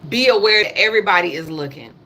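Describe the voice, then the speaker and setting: Blunt woman with a bright voice. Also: medium pitch, animated, fast talker. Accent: African American English. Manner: blunt, emphatic, repeats points, swears. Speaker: livestream host. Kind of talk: casual political livestream rant.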